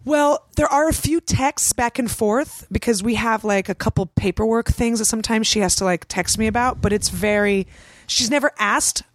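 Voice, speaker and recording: A woman's voice: fairly high pitch, moderate pace, no room sound. A woman comedian on a podcast as the guest, talking in casual chat, blunt and joking with lots of swearing. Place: home studio room.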